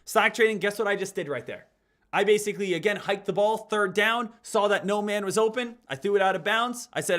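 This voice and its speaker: A man commentating on his live trading session, calling out to viewers in an energetic, chatty way. His voice is high for a man and bright, with a forceful edge. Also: brisk. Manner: energetic, talks straight to viewers as "guys". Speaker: live stock trading streamer.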